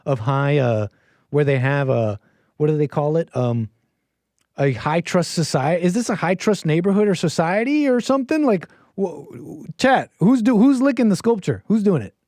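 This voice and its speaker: A man's voice: a little high, moderate pace, dry recording, clean studio sound. A man hosting a live stream, reacting to a video clip with incredulous jokes for his chat. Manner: animated, incredulous, joking with chat.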